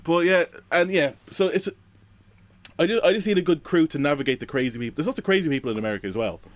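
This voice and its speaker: A man with a Dublin accent tells wry, animated stories on a podcast. His voice sits fairly high and sounds dry and close. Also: fast talker, no echo. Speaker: podcast co-host. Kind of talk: casual chat.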